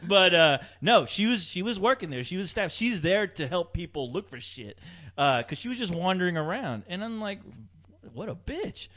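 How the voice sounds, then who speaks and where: A man's voice: high voice, moderate pace. A man telling a story in casual chat, swearing a lot, acting out the people in it and laughing often. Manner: profane, animated, laughs often. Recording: dull lo-fi sound.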